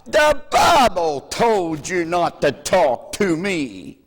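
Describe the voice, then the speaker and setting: A man voicing a mocking, hostile fellow patient who jeers and shouts, heard on an old tape. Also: high-pitched, big pitch swings, slow, pitched above the performer's own voice, heavily acted. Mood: jeering. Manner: jeering and shouting. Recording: old VHS tape with long hall reverb.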